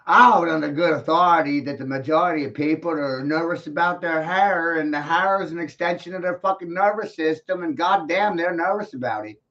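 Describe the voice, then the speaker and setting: A man in a rambling, profane, boastful monologue, ranting with bursts of loud laughter, on a dull lo-fi recording. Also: fairly high pitch, brisk, hardly any pauses. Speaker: vlogger.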